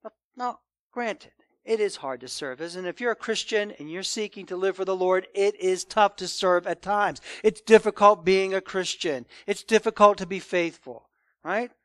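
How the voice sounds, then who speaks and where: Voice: medium pitch, moderate pace, fairly bright tone, no room sound. A preacher giving a Sunday morning sermon in an emphatic, conversational way.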